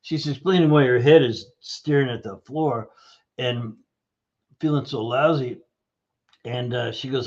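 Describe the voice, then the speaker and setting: A man telling a clinic story on a podcast, acting out the lines of the people in it. His voice sits at a middle pitch, and the recording sounds a bit dull and lo-fi. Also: a little slow. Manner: animated storyteller acting out dialogue. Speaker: guest, nutrition practitioner. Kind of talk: storytelling interview answer.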